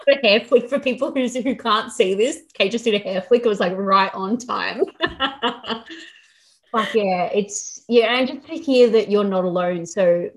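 A woman's voice: medium pitch, measured pace. A young woman hosting a podcast, a fitness coach talking candidly and reassuringly, with plenty of swearing. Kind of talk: casual podcast chat.

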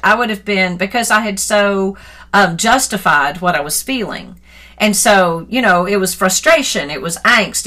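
A middle-aged woman speaks earnestly into a phone, sharing a personal devotional as a Christian author. Her voice is bright and clear, and she moves between quiet reflection and lively, animated retelling. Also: medium pitch. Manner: earnest and reflective, grows animated and laughing when retelling a story.

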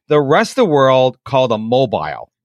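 A man's voice: medium pitch, very animated, normal speed, dry recording, highs cut off. An American man hosting a podcast, chatting casually and eagerly, often repeating himself. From Rochester, New York. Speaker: podcast host. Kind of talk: casual interview chat.

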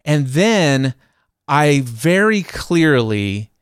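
A man hosting a podcast, telling a personal story in an animated, conversational way and acting out quoted voices. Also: on the high side, very slow, clean tone, no room sound, studio quality. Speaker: podcast host.

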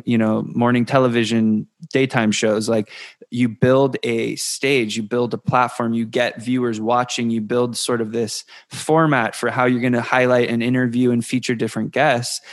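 A man's voice: medium pitch, no echo. A man hosting a podcast interview, talking thoughtfully and often repeating words as he builds an idea. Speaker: podcast host. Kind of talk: conversational interview.

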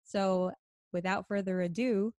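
A woman hosting a podcast, talking in excited, effusive bursts and swearing freely in casual chat. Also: medium pitch, unhurried. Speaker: podcast host.

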